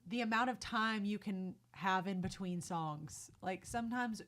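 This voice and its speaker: A woman's voice: medium pitch, a little slow, fairly bright tone. A young woman, a singer-songwriter chatting as a podcast guest who laughs often and acts out quotes. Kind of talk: casual podcast chat.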